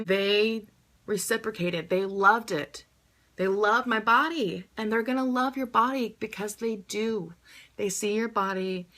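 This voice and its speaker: A young woman vlogger answers viewer questions in an emotional, heartfelt direct-to-camera video, swearing freely and urging her audience to love themselves. Her voice is medium-pitched with a fairly bright tone.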